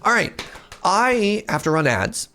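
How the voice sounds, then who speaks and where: A man's voice: sits high, sing-song, slow, sharp tone, faint music behind. A man streaming a game, chatting casually, telling stories and laughing often between moves. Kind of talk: casual gameplay chat.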